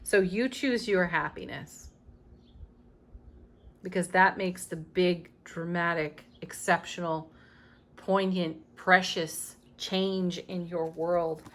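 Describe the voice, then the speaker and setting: A woman's voice: fairly low pitch, fairly even intonation, slow pace. A woman giving a daily tarot reading, speaking emphatically with spiritual encouragement and small laughs. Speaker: tarot reader.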